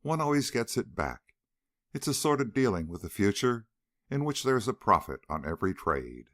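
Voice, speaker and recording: A man reading the part of a calm, dry-witted male secret agent in an audiobook. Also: on the low side. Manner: dry, mild, measured.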